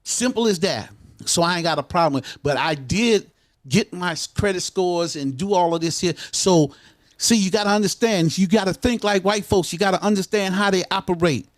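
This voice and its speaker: A man's voice: high-pitched, normal speed, dry recording, studio quality. An older man, a guest in a casual interview, talking bluntly and swearing often. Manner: blunt, swears a lot, street talk.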